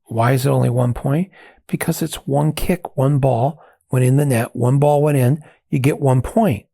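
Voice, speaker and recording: Gravelly older American man telling a story. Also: normal speed, dry recording, clean studio sound. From United States. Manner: animated, mimics chants and voices with big pitch jumps. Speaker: podcast host. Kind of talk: casual storytelling monologue.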